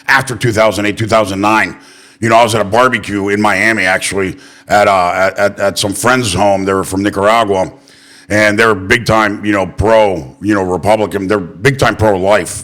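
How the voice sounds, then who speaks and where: A man's voice: on the low side, a bit bright. A man hosting a political interview show, chatting loosely and telling profane stories with acted-out quotes. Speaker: podcast host. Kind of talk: casual political interview chat.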